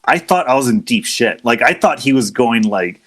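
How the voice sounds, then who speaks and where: A man's voice: mid-range voice, moderate pace, husky. A man with a mid-range voice telling a story on a podcast. He acts out the lines of the people in it. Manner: animated storyteller acting out quotes. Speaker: podcast co-host. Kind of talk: casual chat.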